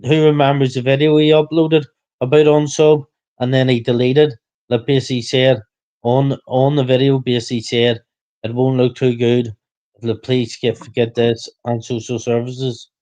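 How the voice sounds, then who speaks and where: A man's voice: mid-range voice, little pitch movement, normal speed, a little mellow, dull audio. A man hosting a casual livestream chat, rambling and repeating himself, getting heated.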